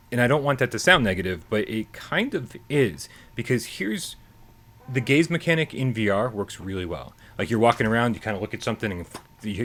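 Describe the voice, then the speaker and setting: A man co-hosting a live gaming podcast in casual, loose chat that swears freely and gets excitable. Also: lowish voice. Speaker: podcast co-host.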